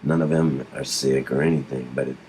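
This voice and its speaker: A man's voice: rumbling low, steady tone, a little fast, darkish tone, slight background noise. A middle-aged man recounting his experiences as an interview guest, rambling with frequent restarts and blunt swearing. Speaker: guest describing alien abduction. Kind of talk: casual storytelling in a recorded interview.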